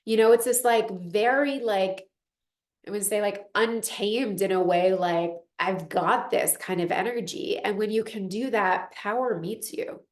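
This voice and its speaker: Animated woman teaching in an echoey room. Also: medium pitch, measured pace. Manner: animated, acts out inner voices, frequent "like" fillers. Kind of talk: casual teaching on a group call.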